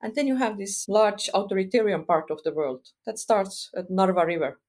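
A middle-aged woman from Estonia, speaking frankly as a guest expert in a podcast interview, pausing often with "uh" as she thinks. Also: mid-range voice, darkish tone. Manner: thoughtful, frank, with frequent uh pauses.

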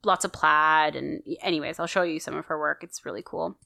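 A woman's voice: low-pitched, steady tone, a little fast, gravelly, bright, forceful tone, dry recording, studio quality. A woman co-hosting a podcast, chatting enthusiastically as she tells a story with lots of fillers. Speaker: podcast co-host telling a story. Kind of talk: casual storytelling chat.

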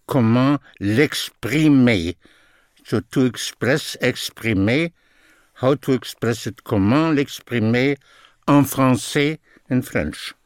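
A man teaching a recorded language lesson, slowly repeating each phrase and its translation. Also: mid-range voice, no room sound, studio quality. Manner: slow, deliberate, repeats phrases in two languages.

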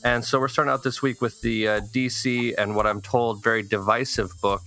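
Guy hosting a podcast panel, bright voice, rambly and jokey. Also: mid-range voice, flat delivery, brisk, creaky. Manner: rambling, joking. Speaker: podcast host. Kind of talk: casual panel chat.

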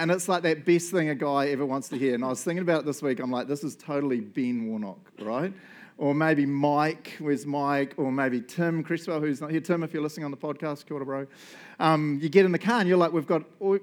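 A man, preaching a sermon as a lively storyteller who acts out what people said and often checks in with "right?". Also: fairly high pitch. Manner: animated, acts out quotes, frequent "right?" and "um". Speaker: pastor.

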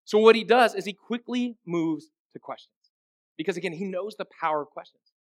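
High-voiced man preaching conversationally. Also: fairly quick. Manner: conversational, asks the audience rhetorical questions. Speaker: pastor. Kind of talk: sermon.

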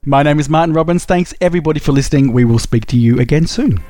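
A man's voice: on the high side, quick pace, loud music behind the voice. A man co-hosting a casual podcast, with brief dry teasing remarks. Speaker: podcast co-host.

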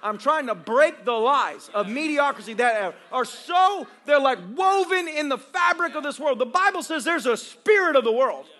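A male pastor preaching a charismatic sermon at a live church service, shouting and joking with the congregation. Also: extremely high pitch, expressive, normal speed, few pauses. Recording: live church recording with crowd and noise.

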